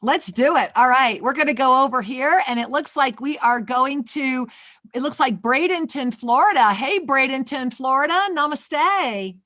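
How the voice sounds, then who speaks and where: A woman's voice: sits high, moderate pace, pushed and bright, dry recording, clean studio sound. A woman hosting a spiritual call-in radio show, effusive and affectionate, calling callers sweetheart.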